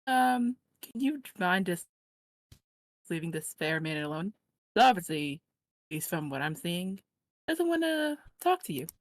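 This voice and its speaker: A woman's voice: lowish voice, sing-song, unhurried, long pauses, no echo. A woman voicing a polite, meddling tavern patron, hesitant with many fillers.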